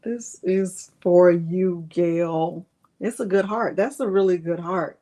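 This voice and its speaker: A retired woman, hosting a live crafting Q&A and chatting warmly with viewers by name. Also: fairly low pitch, fairly even intonation, takes it slowly. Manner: chatty, greets viewers by name, playful fussing. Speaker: crafting livestream host. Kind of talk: live Q&A chat, reading viewer comments.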